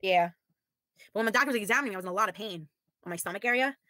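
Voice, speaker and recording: A woman's voice: medium pitch, racing, pushed and bright, dry recording. Woman in her thirties, worn-out and weary, blunt and sighing, casual livestream chat, dry close sound. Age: 30s. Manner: frank, blunt, sighing, with mild swearing. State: tired, weary. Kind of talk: casual livestream chat reading viewer comments.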